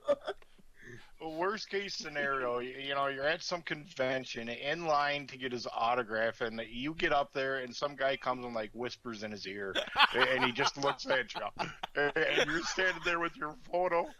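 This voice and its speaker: A man's voice: mid-range voice, moderate pace, highs cut off, background noise. A man co-hosting a casual podcast, telling long, rambling, profane stories with plenty of laughter. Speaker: podcast co-host.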